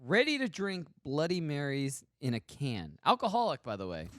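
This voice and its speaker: A man's voice: on the high side, huge pitch swings, normal speed, fairly bright tone, no echo. A man hosting a pop culture talk show, jokey and leading each story in casual chat. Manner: jokey, leads the segments.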